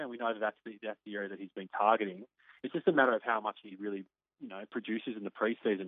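A man's voice: lowish voice, dry recording. An Australian man working as a sports correspondent, telling stories in a chatty radio report. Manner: chatty, quick storytelling. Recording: tinny phone line, dry.

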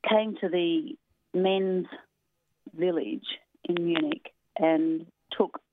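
A woman, a former athlete, recalling events in a halting, hesitant way as an interview guest. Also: fairly low pitch, steady tone, dry recording. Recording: tinny phone line.

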